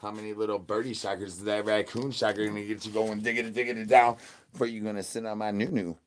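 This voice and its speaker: Fast and level in tone, this lowish natural male voice voices a hungry, crude zombie streamer. The livestream entertainer stays in character for comedy, rambling to chat in slang and repeating his begging catchphrases over and over.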